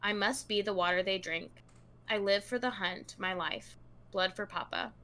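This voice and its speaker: A woman's voice: medium pitch, moderate pace, bright, forceful tone. A woman co-hosting a true crime podcast, reading long passages aloud to her co-host in a casual, chatty tone.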